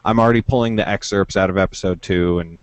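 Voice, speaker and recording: A man's voice: low-pitched, fast. A man hosting a podcast in casual chat, joking and swearing in a loose, rambling way. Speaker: podcast host.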